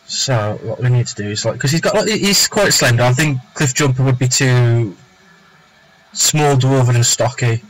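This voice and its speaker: A man's voice: mid-range voice, normal speed, no echo, rough recording. A man chatting casually on a live stream from home, thinking aloud as he draws, with plenty of fillers and half-finished thoughts. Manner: rambling, thinking aloud with fillers and self-talk. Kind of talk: casual live-stream chat while drawing.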